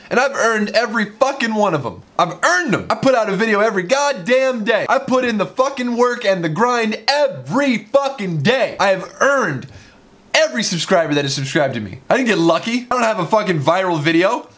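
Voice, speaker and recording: A man's voice: high-pitched, a bit bright. A man, a musician and video creator, angrily ranting on his vlog, swearing often and repeating himself, sounding exhausted. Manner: heated, profane, repetitive ranting.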